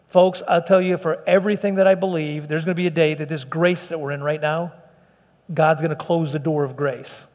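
Middle-aged male pastor, earnest sermon delivery with restarts, slightly high voice, big reverberant church hall. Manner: earnest, pleading, with frequent restarts and fillers. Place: church sanctuary. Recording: long echo of a large hall.

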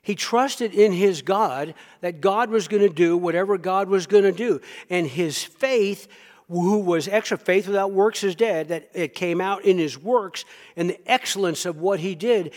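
A man's voice: high voice, measured pace. Emphatic male preacher, reverberant hall. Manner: emphatic storytelling, talks directly to the congregation. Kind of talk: sermon.

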